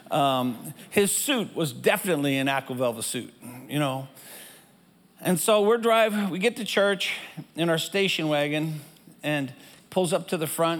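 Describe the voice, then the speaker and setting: An older man preaching, telling a rambling, self-deprecating childhood story with lots of restarts, in a church hall. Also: fairly high pitch. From German family. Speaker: pastor. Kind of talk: storytelling sermon. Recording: echoey hall with music behind.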